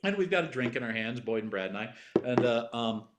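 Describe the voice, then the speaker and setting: A man's voice: medium pitch, expressive, fairly quick, very noisy. A middle-aged man, a TV writer appearing as a podcast guest, telling a comedic story in a rambling way, full of "like" fillers and swearing. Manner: rambling anecdotal delivery full of "like" fillers and profanity.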